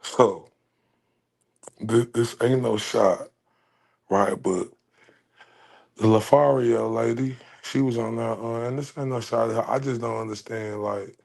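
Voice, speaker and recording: Man vlogging, slow husky delivery, chuckles and repeats himself. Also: mid-range voice, steady tone, a little mellow. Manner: chuckles between phrases, repeats himself, informal. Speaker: commentary vlogger. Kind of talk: casual commentary.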